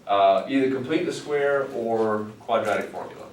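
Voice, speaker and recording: A man's voice: mid-range voice, moderate pace. A male math teacher working through algebra with students, explaining steps with dry, wry humor. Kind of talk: classroom tutoring. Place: classroom. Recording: roomy, distant mic, some noise.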